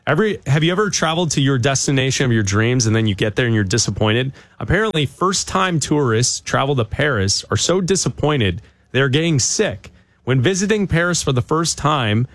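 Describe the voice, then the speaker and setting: Male radio host, casual opinionated chat, lively pitch, dry studio sound. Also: moderate pace, no echo. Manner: hesitant, opinionated, with many fillers.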